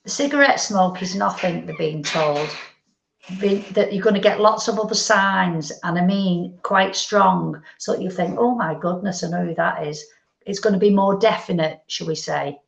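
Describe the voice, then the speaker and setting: A woman medium giving a gentle, unhurried psychic reading, relaying messages. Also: fairly low pitch, creaky. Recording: lo-fi echoey stream audio.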